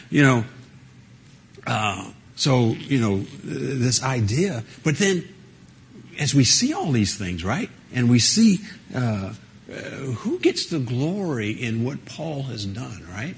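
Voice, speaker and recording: A man's voice: medium pitch, sing-song, takes it slowly, husky. A man teaching a Bible study to a small group, talking conversationally with frequent fillers and laughs and asking the group questions.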